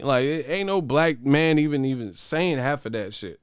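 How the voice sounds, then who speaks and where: A man hosts a boxing channel and rants to his viewers in loose, profane livestream talk. His voice is smooth and clear. The sound is dry and close to the mic. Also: mid-range voice, moderate pace, hardly any pauses, no echo. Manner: profane, animated ranting. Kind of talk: casual livestream chat.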